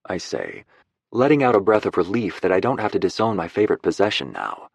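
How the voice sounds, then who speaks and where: Male audiobook narrator, low voice, wry and easygoing, dry close read. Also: wildly swooping pitch, brisk, gravelly, breathy edge, no echo. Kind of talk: first-person romance narration.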